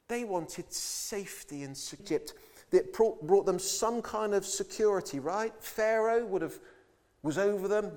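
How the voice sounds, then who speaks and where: Guy preaching a sermon, fairly high voice, acts out the bible characters. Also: measured pace, a little mellow. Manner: voices biblical figures in quoted speech, emphatic.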